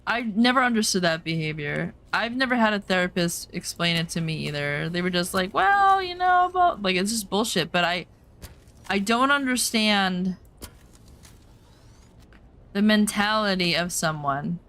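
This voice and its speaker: A woman's voice: fairly low pitch, normal speed, fairly bright tone. A woman streamer chatting casually over gameplay, telling personal stories bluntly and emphatically, swearing now and then.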